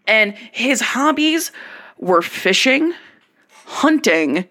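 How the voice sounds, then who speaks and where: A woman's voice: a little high, very animated, drawn-out words, sharp tone. A woman with a subtle Southern US drawl co-hosting a casual podcast chat, blunt and profane.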